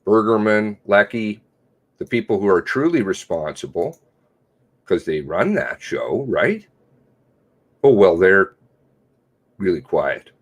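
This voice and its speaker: Reading and mocking articles on his casual livestream, the host is sarcastic, mixing loud outbursts with low mutters. His delivery is sing-song and slow, with frequent pauses.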